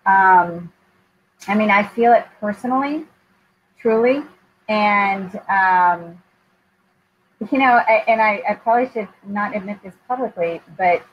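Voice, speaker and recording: Woman host, candid and emotional, hesitant with fillers; muffled recording, faint noise. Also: medium pitch. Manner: candid and heartfelt, with frequent ums. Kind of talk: live interview chat. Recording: dull lo-fi sound with faint noise.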